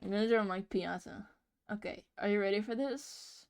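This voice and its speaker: A woman's voice: mid-range voice, normal speed, creaky, darkish tone, no room sound, clean studio sound. A young woman live-streaming as she draws, chatting casually in a giggly, rambling, playfully exasperated way. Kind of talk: casual live-stream chat while drawing.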